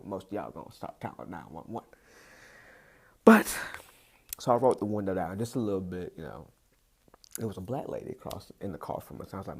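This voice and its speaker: A man's voice: lowish voice, wildly swooping pitch, fairly quick, vocal fry, darkish tone, slightly rough. A man doing stand-up, telling a story and acting out the voices of the people in it. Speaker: stand-up comedian.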